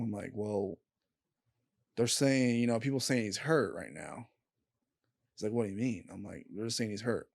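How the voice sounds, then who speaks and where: A young man, a podcast guest, telling a painful personal story in a candid, halting way and swearing freely. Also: fairly low pitch, lively intonation, gravelly, a little mellow, dry recording, clean studio sound. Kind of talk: casual storytelling.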